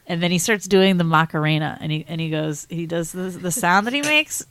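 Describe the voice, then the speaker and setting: A woman's voice: lowish voice, a bit bright, slight background noise. A woman co-hosting a podcast in casual chat, laughing often and acting out movie lines. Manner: laughs often, does quick movie-quote voices. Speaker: podcast co-host.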